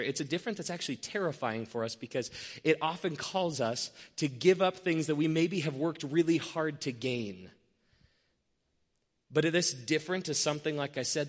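A young man, a pastor, giving a sermon in a relaxed, conversational storytelling way. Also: mid-range voice, long reverb tail. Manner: conversational storytelling, self-deprecating.

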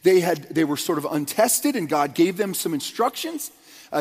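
A fairly high-voiced man preaching an earnest, conversational sermon. He talks in loose stretches full of restarts and fillers. His voice rings out with a long reverb tail, like a church auditorium. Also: animated, normal speed, a little mellow, husky. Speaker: pastor.

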